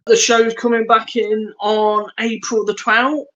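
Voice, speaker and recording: A man's voice: high voice, level tone, a little slow, sharp tone, lo-fi sound. A man co-hosting a podcast in casual chat, giving brief dry replies. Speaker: podcast co-host.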